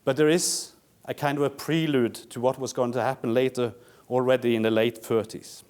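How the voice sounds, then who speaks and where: A man's voice: mid-range voice, fairly even intonation, moderate pace, a little mellow, clear, resonant tone. A man from Norway with a Norwegian accent, giving a history lecture in English, telling it as a story and often restarting words. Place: lecture room.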